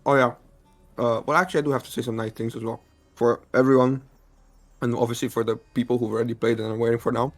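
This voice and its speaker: A man's voice: medium pitch, quick pace, soft background music. Man doing playful mock rants. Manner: playful mock-ranting, deadpan. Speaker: caster. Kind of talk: casual stream banter.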